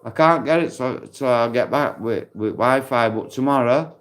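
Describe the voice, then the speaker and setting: Outdoors in a park, a livestream host speaks directly into his phone at a moderate pace. He's blunt and friendly with his viewers, cursing freely, and his voice sits at an ordinary mid pitch for a man.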